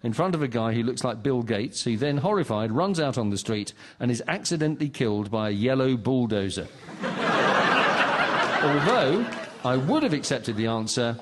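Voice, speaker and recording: A man hosting a comedy show, brisk and announcing. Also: mid-range voice, animated. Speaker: host. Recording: noisy live radio with loud audience.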